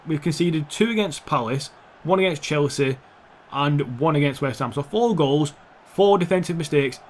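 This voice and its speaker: Sweary, excitable gamer commentating. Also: male voice, a little high, normal speed. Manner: sweary, excitable, talks to the players on screen. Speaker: gaming YouTuber. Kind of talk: gameplay commentary.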